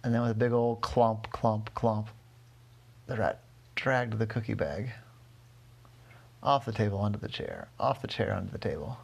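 A man telling his daughter an improvised bedtime story, gentle and rambling, often correcting himself. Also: on the low side, moderate pace, creaky, pauses often, husky.

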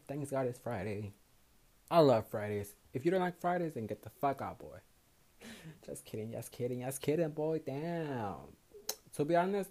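A young male podcast host with a Mexican Spanish accent talks in a loose, rambling monologue. He is tired after a night shift, swears freely and slips back and forth between English and Spanish. His voice sits at an ordinary middle pitch for a man. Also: warm tone. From Houston, Texas, USA. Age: young adult. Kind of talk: casual solo podcast monologue.

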